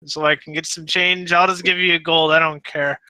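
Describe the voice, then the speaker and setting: A man's voice: on the high side, little pitch movement, fairly quick, bright, forceful tone, clean tone, dry recording, poor audio. A man playing a tabletop game, talking brashly in character with jokes. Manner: brash, joking. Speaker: player.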